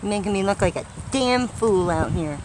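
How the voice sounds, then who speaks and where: A woman's voice: mid-range voice, animated, normal speed, background noise. A woman chatting casually outdoors on her vlog, coaxing squirrels and airing her frustrations. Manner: chatty, talks to animals, frustrated. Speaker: vlogger.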